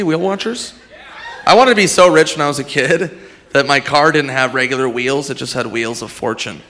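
A man's voice: mid-range voice, fairly bright tone, a little hiss or hum. A man doing a stand-up set, rambling loosely and swearing often. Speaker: stand-up comedian.

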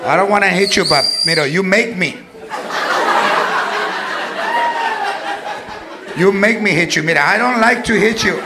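A strict, threatening old grandmother, acted out by a man on stage, scolds a child, slipping into English. The voice sits high, with laughter and crowd noise loud behind it. It is a live comedy club recording. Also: fast talker, natural voice. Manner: scolding, mixes Spanish into English. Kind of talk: stand-up act-out.

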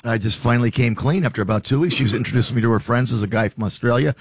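Quick husky-voiced guy telling a sheepish story, dry sound. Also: mid-range voice, no echo. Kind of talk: casual group banter.

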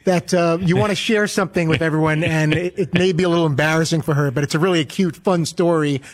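Fast-talking man chiming in. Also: a little high, steady tone. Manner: quick, eager, rambling.

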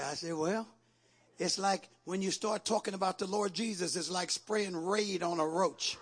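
Male preacher, sermon, call-and-response, very high, husky, gravelly. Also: moderate pace. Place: church service.

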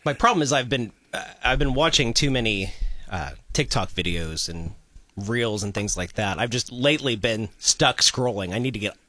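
A man's voice: medium pitch, animated, normal speed, bright, forceful tone, dry recording. A man hosting a morning radio show, playful and joking in casual chat. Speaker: radio host. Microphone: studio microphone.

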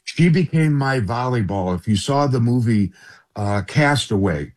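A man's voice: medium pitch, lively intonation, measured pace. A middle-aged man, a guest on a radio interview, earnestly telling a personal story and often addressing the host by name.

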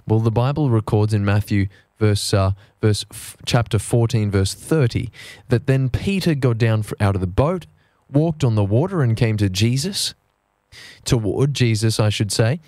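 A man preaching a sermon, earnest and measured, leaning on key phrases by slowing right down. His voice sits at an ordinary middle pitch. The recording is dry and close, with little room sound. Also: darkish tone, dry recording.

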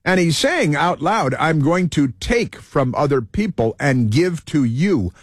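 A man's voice: fairly high pitch, animated, measured pace, husky, no room sound, studio quality. A man hosting a talk show, rambling through an opinion monologue with many fillers and restarts. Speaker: radio talk show host.

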